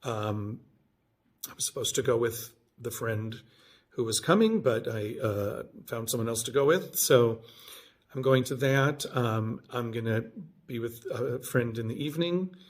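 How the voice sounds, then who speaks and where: A man in his late fifties talks straight to camera in a loose, rambling way, restarting his sentences as he goes. His voice sits at an ordinary middle pitch and jumps up when he acts out his own bewildered reactions. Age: 50s. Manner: rambling, self-correcting, animated when quoting himself. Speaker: vlogger. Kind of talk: casual storytelling vlog.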